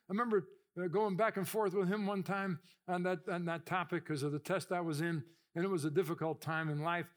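A pastor preaching a sermon with animated storytelling, acting out voices and getting louder for emphasis. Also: male voice, brisk, hardly any pauses. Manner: animated storytelling, acts out voices, rises in pitch and volume for emphasis.

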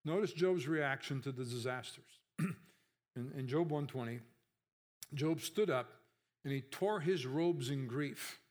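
A man's voice: mid-range voice, unhurried, long pauses. A man pastor delivering a conversational sermon, asking the congregation rhetorical questions and lifting his voice sharply on emphasized words.

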